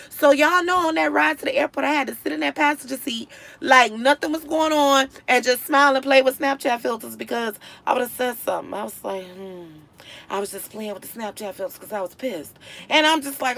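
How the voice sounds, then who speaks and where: With a touch of vocal fry and a slightly quick pace, a woman live-streams a casual story for her viewers. She's expressive, dipping into low mutters and climbing to loud, exasperated outbursts.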